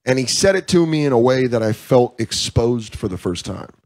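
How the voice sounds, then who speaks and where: A man's voice: mid-range voice, animated, normal speed, a little mellow. Frank, profane man in casual talk. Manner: frank, profane, acts out quoted voices. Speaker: comedian guest. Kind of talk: candid casual interview talk. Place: comedy club.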